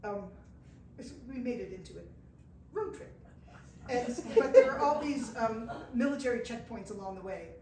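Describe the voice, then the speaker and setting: Heard from a distance in an echoey indoor event room with faint noise and a crowd in the background, a woman from the US shares a travel story live, impersonating people she quotes and poking fun at herself. Her voice is a little high, with big pitch swings and a moderate pace.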